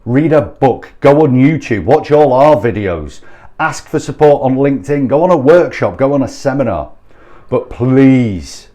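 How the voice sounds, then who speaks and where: A man's voice: medium pitch, animated, measured pace, mellow. A man who works as a sales trainer, ranting bluntly and exasperatedly straight to camera with some swearing. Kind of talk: ranting direct-to-camera address.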